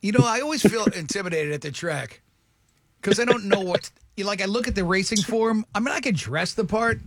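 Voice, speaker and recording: A man's voice: sits high, fairly quick, noisy background. A middle-aged man co-hosting a casual chat, telling a rambling story with lots of restarts. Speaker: podcast co-host.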